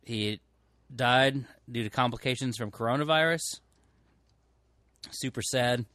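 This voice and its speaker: A man's voice: medium pitch, unhurried, sharp tone, dry recording. A man co-hosting a podcast from a record shop, talking casually and rambling with lots of fillers and self-corrections. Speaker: podcast co-host. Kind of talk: casual chat. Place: record store.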